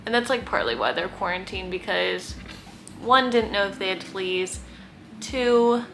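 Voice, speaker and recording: A woman's voice: mid-range voice, unhurried, gravelly, fairly bright tone, slight background noise. A young woman chatting casually in her guest room, full of "like" and cooing baby talk. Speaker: vlogger fostering kittens. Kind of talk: casual chat to camera.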